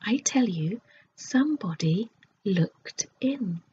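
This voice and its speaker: A brave, sensible little girl, as a woman puts her on, comes through in a soft whispered role-play, the words slow and unhurried. The recording is dull and lo-fi with a faint hiss underneath. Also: mid-range voice, animated. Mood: insistent.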